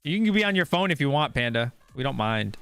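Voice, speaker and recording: A man's voice: mid-range voice, sing-song, fast, a bit bright, smooth, faint music behind. A man hosting a casual livestream, teasing a guest and reading out viewer donations. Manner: joking, teasing, reads out donations. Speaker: show host.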